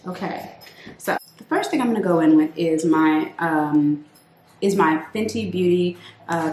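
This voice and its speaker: A woman's voice: on the low side, darkish tone, echoey room, a little hiss or hum. A woman beauty vlogger chatting playfully through a makeup routine, calling her viewers sis. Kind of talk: casual makeup tutorial chat.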